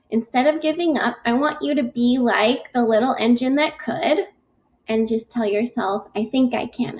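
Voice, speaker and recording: Slow, high-voiced woman teacher. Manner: stretches words out slowly when sounding them out; encouraging, patient. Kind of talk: slow, gentle classroom instruction for young children.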